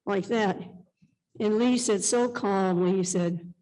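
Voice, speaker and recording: A woman's voice: medium pitch, unhurried, poor audio. A woman in her seventies, a guest at a conference interview, telling stories at length and acting out what people said. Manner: animated storytelling, acts out quoted speech.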